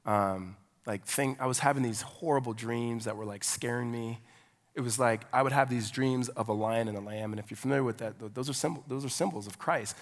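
A man's voice: mid-range voice, fairly quick. A man in his thirties preaching a sermon as a pastor, telling personal stories in a loose, conversational way with many fillers. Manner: conversational storyteller, filler-heavy, with rising preaching fervor. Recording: long reverb of a large hall.

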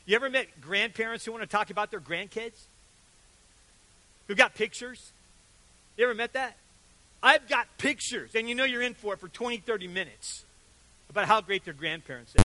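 An older man delivers a sermon with a high, bright and forceful voice. He tells stories with lively turns, switching between loud bursts and soft asides as he acts out what people said. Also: fast, slight background noise, poor audio. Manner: animated storytelling, acts out quotes with sudden loud and soft turns. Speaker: pastor.

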